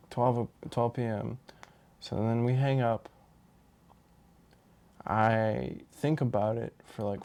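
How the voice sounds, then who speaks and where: A man telling a personal story in a rambling, halting way, with many restarts and fillers. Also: mid-range voice, dark tone. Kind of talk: casual storytelling monologue.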